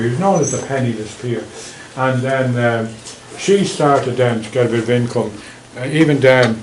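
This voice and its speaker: A man's voice: mid-range voice, darkish tone, a little hiss or hum, low-quality recording. Chatty Irish man giving a history talk. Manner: anecdotal, chatty, wry asides. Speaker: local history speaker. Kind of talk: public history talk with slides.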